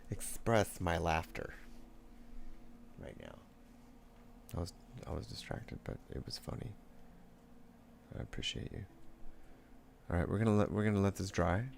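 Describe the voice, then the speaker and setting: A man's voice: low voice, vocal fry, a little mellow, a little hiss or hum. A young man rambling casually while painting on a live stream, laid-back, swearing often and laughing a lot.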